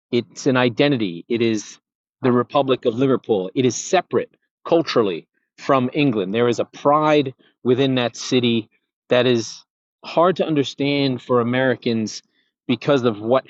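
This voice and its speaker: A man's voice: medium pitch, no echo. Guy doing a solo footy podcast, fired up and rambling, dry kinda muffled sound. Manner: passionate, rambling with restarts. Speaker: podcast host. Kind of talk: solo football analysis monologue. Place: outdoors on a golf course.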